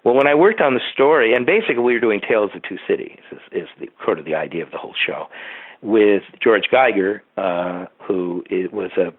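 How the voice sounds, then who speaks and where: Older man, producer interview guest, rambling storyteller, husky, tinny phone line. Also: lowish voice, expressive, fairly quick, no room sound. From Southern California. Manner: rambling storyteller who acts out quotes. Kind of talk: casual anecdotal interview.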